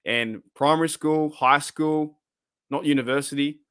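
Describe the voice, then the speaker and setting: A man in his thirties chats loosely on a livestream, looping back over his words and swearing casually. His voice sits a little high and is wearing thin. The sound is dry and close, with no room echo. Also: fairly even intonation, a little slow, fairly bright tone, clean tone. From Australia. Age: 30s. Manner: rambling, repeats himself, swears casually. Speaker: livestream host. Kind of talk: casual livestream chat reading comments.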